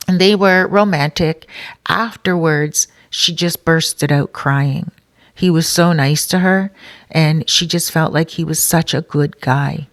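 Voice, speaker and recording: Woman, soul coach, low voice, dry close sound; chatty storyteller who quotes people. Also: no echo. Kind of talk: casual storytelling.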